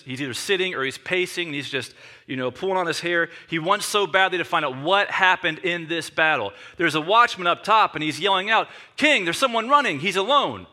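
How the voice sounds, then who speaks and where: A man preaches a sermon with a bright, ringing voice. He tells the story with animation and acts out the scene as he goes. His pitch sits a little above the usual for a man. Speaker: pastor.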